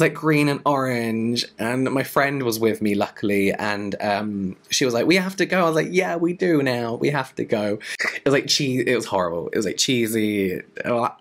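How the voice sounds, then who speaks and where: A man's voice: mid-range voice, fairly bright tone. A young man with a Southern English accent answering viewer questions in a casual, rambling vlog, full of asides and "like". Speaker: beauty YouTuber.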